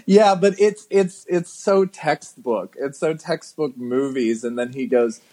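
A man co-hosting a casual movie podcast, animated and quick to act out lines from the film. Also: medium pitch. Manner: animated, puts on voices to quote characters. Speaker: podcast co-host. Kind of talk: casual chat about a movie.

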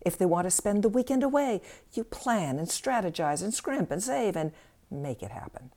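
A woman self-help speaker giving a scripted inspirational talk with expressive, wry storytelling. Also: mid-range voice, moderate pace.

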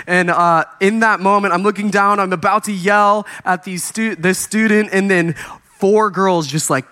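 A young adult man preaching as a youth pastor, telling a funny story with animated, acted-out dialogue. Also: sits high, moderate pace, clean tone. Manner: animated, acts out voices in his stories, laughs while telling. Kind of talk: storytelling sermon.

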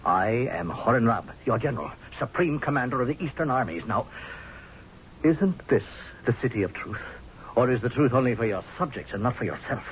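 A man's voice: mid-range voice, expressive, a little fast, a little hiss or hum, lightly acted. A man playing a scornful Egyptian general. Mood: stern. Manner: sarcastic, forceful, pleading. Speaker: actor. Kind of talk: 1970s radio drama acting. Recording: dull lo-fi vintage radio broadcast.

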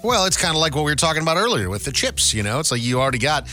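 A man's voice: fairly high pitch, sing-song, racing, sharp tone, soft background music. A man co-hosting a podcast in casual chat, enthusiastic and joking. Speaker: podcast co-host.

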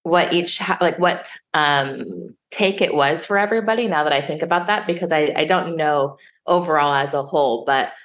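Low-voiced frank woman telling a story. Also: moderate pace, few pauses, a bit bright. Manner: frank and emotional, swears, acts out quoted dialogue. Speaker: sommelier guest. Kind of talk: candid interview storytelling.

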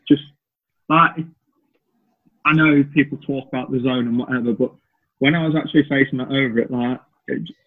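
A young man, chatting casually as a podcast guest and saying "like" a lot. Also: mid-range voice. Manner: chatty, says "like" often. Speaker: cricketer guest. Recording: phone-like lo-fi audio.

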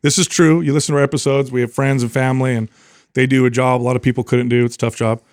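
A man co-hosting a podcast, telling a long story in a casual, animated way and acting out what people said. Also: medium pitch, fast, dry recording, clean studio sound. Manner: animated storyteller, acts out quotes. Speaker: podcast co-host.

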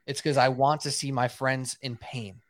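A man's voice: medium pitch, flat delivery, moderate pace, dry recording. Guy ranting about baseball on a podcast, dry close sound, keeps repeating himself for emphasis. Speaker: podcast co-host. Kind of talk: casual sports podcast chat.

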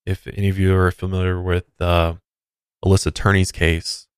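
A man's voice: deep voice, flat delivery, moderate pace, clean tone, no room sound, studio quality. A man co-hosting a true crime podcast, chatting conversationally with restarts and asides. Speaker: podcast co-host. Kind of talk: casual true crime chat.

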